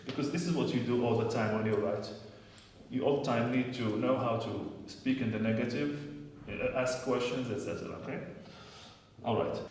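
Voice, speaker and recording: A man's voice: medium pitch, a little mellow, slight background noise. A man teaching an English grammar lesson, repeating phrases again and again as he drills his students. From Morocco. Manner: repetitive, drills phrases over and over. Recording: echoey room, voice from a distance.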